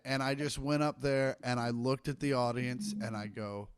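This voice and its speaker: A man's voice: medium pitch, measured pace, crowd noise. A middle-aged man, a stand-up comic, telling profane stories in casual podcast chat and acting out the quotes. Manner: profane, animated anecdote telling with acted-out quotes.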